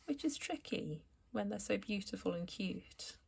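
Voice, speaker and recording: A woman calmly explaining each step of a watercolour painting as she works, as an art tutor. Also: mid-range voice, measured pace, gravelly, breathy edge. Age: adult, returned to art after school years. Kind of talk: painting tutorial narration while working.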